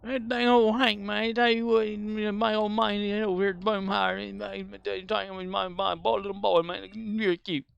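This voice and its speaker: A man imitating a rambling cartoon neighbor, slurring and mumbling his words in a drawl, pitched up. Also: level tone, moderate pace, vocal fry, hardly any pauses, clean tone, no room sound, dull audio.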